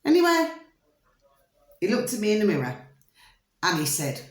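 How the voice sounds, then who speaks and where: A woman's voice: mid-range voice, huge pitch swings, moderate pace. A British woman vlogging, telling a long rambling story to her viewers in a theatrical, repetitive way and calling them pet names. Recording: roomy echo.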